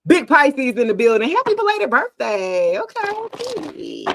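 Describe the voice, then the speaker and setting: Lively, chatty woman reading tarot live. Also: fairly high pitch, normal speed. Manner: chatty and playful, laughs often, talks to viewers. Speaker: tarot reader on a livestream.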